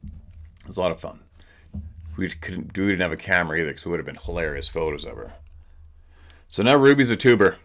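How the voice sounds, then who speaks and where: Low-voiced laid-back man telling stories. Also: animated, a little fast, pauses often, a bit bright. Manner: laid-back storyteller, swears freely, laughs often. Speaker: host. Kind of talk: casual chat. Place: at home. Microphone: laptop camera.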